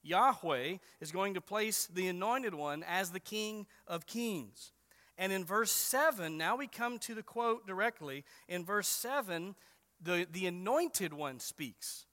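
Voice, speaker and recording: A man preaching an expository sermon, emphatic and slowing down to stress the verses he quotes. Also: high-pitched, expressive, sharp tone. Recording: long hall reverb.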